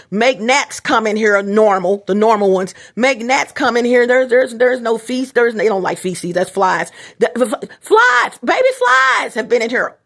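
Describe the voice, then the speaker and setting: Middle-aged woman, vlogger, slightly high voice, rambling, repetitive, talks to viewers. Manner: repetitive, restarts often, talks straight to viewers. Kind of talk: casual rambling monologue to viewers.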